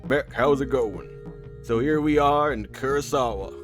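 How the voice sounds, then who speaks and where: A man's voice: medium pitch, measured pace, over music, voice pushed up, natural voice. A man reading as a chatty starship bartender.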